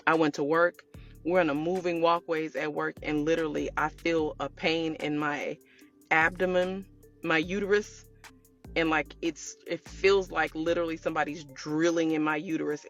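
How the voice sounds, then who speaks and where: A woman telling her viewers a personal story in a casual storytime way, animated and chatty, calling them y'all. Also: low-pitched, moderate pace, soft background music. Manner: animated, addresses viewers as y'all, acts out quotes. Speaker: storytelling vlogger.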